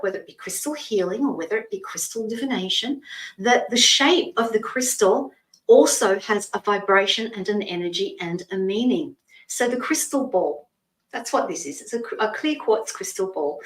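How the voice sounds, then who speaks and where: A woman doing live tarot readings as a stand-in host, talking in a gentle, chatty and reassuring way. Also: mid-range voice, roomy sound, distant mic, rough recording. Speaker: psychic reader, stand-in host.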